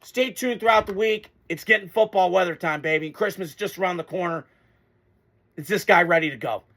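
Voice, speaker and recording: A man's voice: high-pitched, fairly quick, a bit bright, a little hiss or hum. A man hosting a casual sports reaction video, talking in a blunt, fired-up way and swearing freely.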